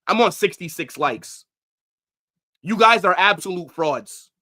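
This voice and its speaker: A man ranting angrily on a football livestream, profane, swinging from shouts to low mutters. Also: expressive, a little slow. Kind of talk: livestream rant.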